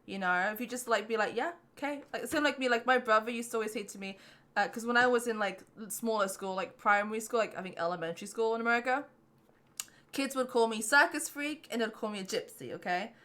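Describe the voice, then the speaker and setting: Bright-voiced, animated young woman. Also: fairly high pitch, fast talker. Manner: animated storyteller, swears casually. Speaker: podcast guest. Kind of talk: casual podcast chat.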